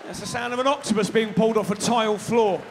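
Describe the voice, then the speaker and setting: A man's voice: high-pitched, fast talker, noisy background. A man doing live stand-up comedy on a big concert hall stage, sweary and playful, teasing the crowd.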